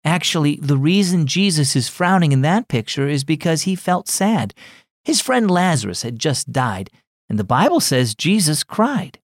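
A man voicing a kind, thoughtful aunt who speaks gently and reassuringly. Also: fairly high pitch, sing-song, normal speed, no room sound, clean studio sound. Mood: gentle.

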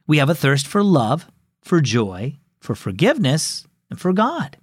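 A man voicing a kind, patient mother who explains things gently in a storybook reading. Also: fairly high pitch, very animated, unhurried, dry recording, clean studio sound. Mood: gently teaching.

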